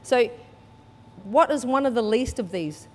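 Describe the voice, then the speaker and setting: Lively New woman preaching in a hall. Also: a little high, a little slow. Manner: lively storytelling, acts out quotes, laughs often. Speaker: church speaker. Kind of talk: sermon with personal story.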